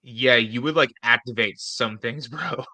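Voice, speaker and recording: A man's voice: mid-range voice, unhurried, bright, forceful tone, dry recording. A man in a casual podcast chat, talking hesitantly with many fillers.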